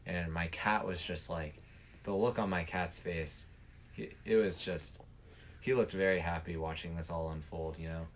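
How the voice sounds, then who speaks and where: A man, a podcast guest, telling a story casually in halting, trailing phrases. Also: low-pitched, fairly even intonation, a little hiss or hum. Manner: halting, trails off mid-sentence.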